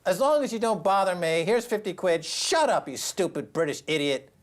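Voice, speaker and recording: A man's voice: high-pitched, lively intonation, normal speed. A man voicing a contemptuous male finance minister who talks down to people. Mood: sneering. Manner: sneering, dismissive.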